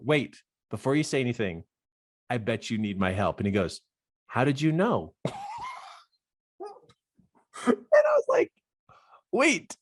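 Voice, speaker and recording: A man, a life coach, telling a personal story with lots of laughter and acted-out dialogue. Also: medium pitch. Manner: expressive, laughs often, acts out dialogue.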